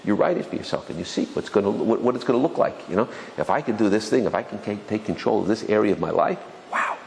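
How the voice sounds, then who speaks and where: A rabbi teaches a class to a live audience in a rapid, low-pitched voice, firing rhetorical questions at the listeners. He often restarts his sentences and stumbles over repeated words. His voice rings with a long hall reverb over faint background noise. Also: expressive, vocal fry, darkish tone. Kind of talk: Torah lecture to a live audience. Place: lecture room with an audience.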